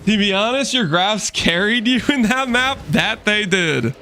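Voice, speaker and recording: A man's voice: sits high, lively intonation, a little slow, pushed and bright, slight background noise. A young man live-streaming a game, telling stories theatrically and tacking "okay?" onto his points. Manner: theatrical storyteller, repeats "okay?" for emphasis. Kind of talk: casual live-stream chat.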